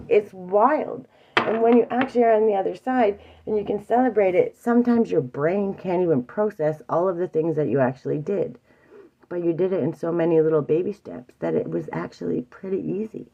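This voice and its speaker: Woman, spiritual teacher, lowish voice, casual and earthy, lo-fi recording. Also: lively intonation, fairly quick. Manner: casual and earthy, repeats phrases, swears lightly. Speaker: teacher of an emotional awareness course. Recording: dull lo-fi sound.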